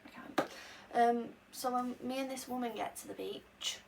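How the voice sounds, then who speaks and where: A woman's voice: fairly high pitch, steady tone, normal speed, creaky. Chatty woman telling a story. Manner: chatty, rambling, lots of "um" and "like". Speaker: vlogger. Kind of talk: casual storytelling. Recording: slightly distant mic, faint background hiss.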